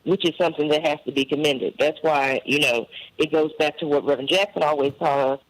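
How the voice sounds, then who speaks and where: Guy on talk radio, slow and emphatic, kinda high voice. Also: no room sound, low-quality recording. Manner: emphatic, agreeing readily, slow and deliberate. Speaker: radio show guest. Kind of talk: casual talk radio discussion.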